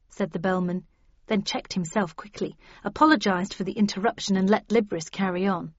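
A woman reads a novel aloud at a steady, matter-of-fact pace, in a middling voice. The recording is dry and close, with a slightly muffled, dull tone. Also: mid-range voice, brisk, no room sound. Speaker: narrator. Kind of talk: audiobook narration.

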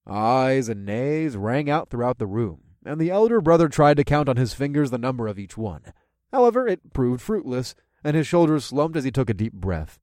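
A man's voice: medium pitch, sing-song, moderate pace, a little mellow, dry recording. A man narrates a first-person audiobook, his mid-range voice moving animatedly through the story. The sound is close and dry.

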